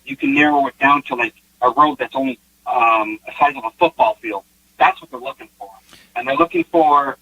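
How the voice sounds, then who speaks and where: A man's voice: fairly high pitch, vocal fry, breathy edge. A man, a guest psychic, telling a long case story in casual interview talk, acting out the lines he quotes. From Canada. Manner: animated, acts out quotes, restarts. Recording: dull lo-fi online call audio.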